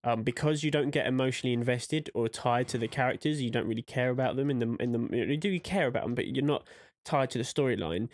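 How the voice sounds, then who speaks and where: A man in casual podcast chat, rambling along and putting on little voices when he quotes someone. His voice sits at an ordinary pitch. The sound is dry, with no room echo. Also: fast talker, hardly any pauses. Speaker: podcast co-host.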